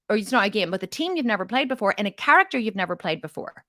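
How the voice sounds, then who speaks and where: A woman in her forties coaching on mindset, her voice sitting at an ordinary middle pitch. She tells stories with animation, jumping between voices as she acts out both sides of a dialogue. The sound is dry and close, with no room around it. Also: animated, fast talker, few pauses, a bit bright, no echo. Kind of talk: motivational talk with a personal story.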